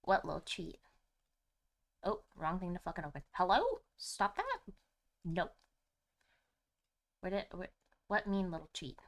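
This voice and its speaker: A young woman streaming a video game, gushing and excitable, swearing freely as she talks. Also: lowish voice, unhurried, creaky, long pauses. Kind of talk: gaming livestream commentary. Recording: faint game music behind.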